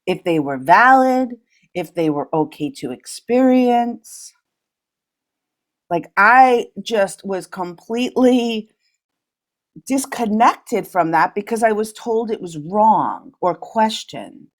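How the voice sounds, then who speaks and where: A middle-aged woman hosts a reflective solo podcast in a slow, gentle coaching voice. Her pitch moves a lot as she talks, and she sounds earnest throughout. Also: animated. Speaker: podcast host.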